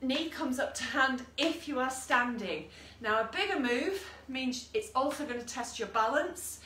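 A woman fitness instructor with a high, bright voice leads an online workout from a room at home with a dog nearby, counting down and cheering people on. She sounds animated and unhurried, offering encouraging cues and asides. She's recorded from a distance in an echoey room with slight background noise.

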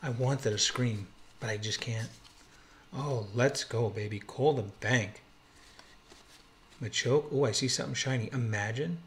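A man's voice: medium pitch, measured pace, slight background noise. Thrilled man opening trading cards. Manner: thrilled, exclamatory, calls out cards. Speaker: card-opening YouTuber. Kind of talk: excited pack-opening vlog. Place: home, quiet room.

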